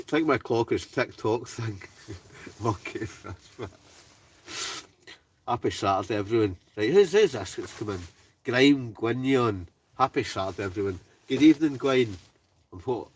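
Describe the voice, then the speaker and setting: This wild camping livestreamer, a Scotsman from Ayrshire, has a lowish, slightly breathy voice picked up by a distant mic. He chats and laughs casually while reading out viewer names from his heated tent in the snow.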